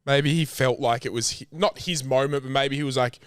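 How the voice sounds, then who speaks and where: A man's voice: mid-range voice, fairly quick, clear, resonant tone, no room sound. Young man asking curious questions. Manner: curious, asks short questions, dry jokes. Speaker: podcast co-host. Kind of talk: casual chat.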